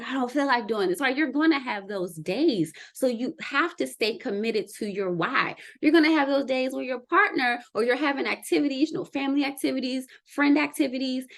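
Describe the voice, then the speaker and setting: Animated woman giving casual advice. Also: gravelly. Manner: conversational, often ends with "right?"; lively, quick swings in pitch and loudness. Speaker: wellness vlogger. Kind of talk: casual advice talk to camera.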